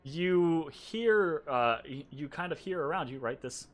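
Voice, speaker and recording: A man's voice: fairly high pitch, animated, unhurried. A man running a tabletop game as game master, narrating casually with many fillers.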